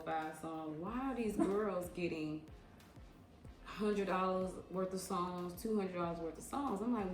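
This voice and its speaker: A woman in her thirties, speaking a little low for a woman, tells a casual story in an emphatic, no-nonsense way. She leans on slang and repeats lines for weight. She is recorded in an echoey room with faint ambient sound behind her. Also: slight background noise. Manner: slangy, drawn-out repetitions. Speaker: vlogger recounting her years as a club dancer.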